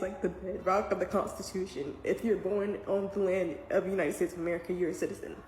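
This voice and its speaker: A woman's voice: mid-range voice, dark tone. Emotional woman near tears, echoey room. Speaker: parent reacting to news. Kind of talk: casual commentary to camera. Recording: echoey room with faint background noise.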